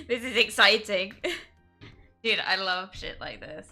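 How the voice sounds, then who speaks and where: A woman's voice: medium pitch, slow pace, creaky, sharp tone. A young woman streaming a game live, chatting casually and often breaking into giddy laughter and exclamations. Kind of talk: live gameplay stream chat. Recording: faint music behind the voice.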